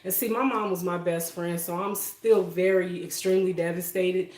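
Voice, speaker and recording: A woman hosting a casual livestream from her home kitchen, talking emotionally and softly and laughing often as she greets viewers. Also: lowish voice, steady tone, normal speed, reverberant. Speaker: livestream host. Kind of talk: casual live-stream chat with viewers.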